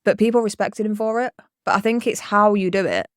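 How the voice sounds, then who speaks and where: A podcast co-host chatting casually and telling stories with plenty of swearing and acted-out quotes. The voice sits at a middle pitch and sounds dry and close, with no room echo. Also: steady tone, fairly quick, clear, resonant tone. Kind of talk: casual chat.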